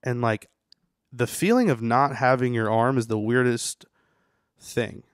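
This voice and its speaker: A man's voice: mid-range voice, a little slow, clean tone, no room sound. Young guy rambling thru a story, swears a ton, dry close mic. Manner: rambling, profane, lots of "you know". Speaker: tattooer guest. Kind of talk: casual storytelling interview.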